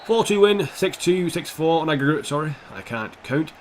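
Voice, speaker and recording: A young man commentating his own football video game, sweary and excitable, dropping to mutters and jumping to shouts. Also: a little high, normal speed, a little hiss or hum. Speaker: gaming YouTuber. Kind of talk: gameplay commentary.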